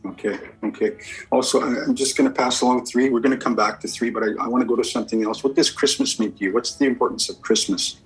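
A man's voice: mid-range voice, fairly even intonation, fast talker, breathy edge, low-quality recording. A man working as a medium and giving a spirit reading. He asks a string of short yes-or-no questions and answers each reply with "okay, perfect.".

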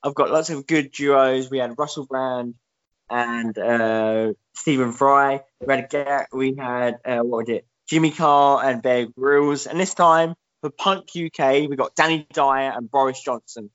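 A man's voice: medium pitch, steady tone, measured pace, a bit bright. A man co-hosts a podcast in loose, sweary chat, rambling with constant fillers. His voice sits mid-range on a dull, lo-fi mic. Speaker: podcast co-host. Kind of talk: casual chat.

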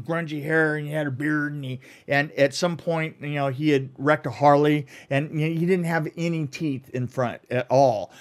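A man co-hosting a podcast, telling a long rambling story in casual chat, stumbling over words and laughing often. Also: fairly high pitch. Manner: rambling, halting, laughs a lot. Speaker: podcast co-host.

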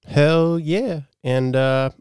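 A young man co-hosting a podcast in easygoing, profane chat with quick interjections. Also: fairly high pitch, a little mellow, clean tone, no echo, clean studio sound. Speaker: podcast co-host. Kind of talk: casual chat.

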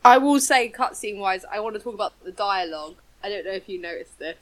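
A woman co-hosting a casual game review chat, playful and giggly, mimicking characters' flat lines. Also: medium pitch, fast talker. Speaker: podcast co-host.

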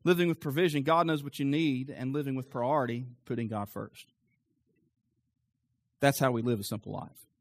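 A male pastor preaching a sermon with an emphatic, rising cadence, then leading a quieter prayer. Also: mid-range voice, steady tone, normal speed, long pauses.

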